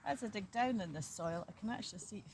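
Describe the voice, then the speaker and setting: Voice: mid-range voice, lively intonation, fast talker. Older vlogger, outdoor garden, casual chat, matter-of-fact, slight background noise. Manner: chatty, matter-of-fact, talks while working.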